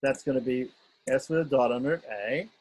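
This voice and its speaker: A man's voice: medium pitch, fairly quick, a little mellow, rough recording. A man teaching an online script lesson, patiently sounding out letters and often checking in with his students.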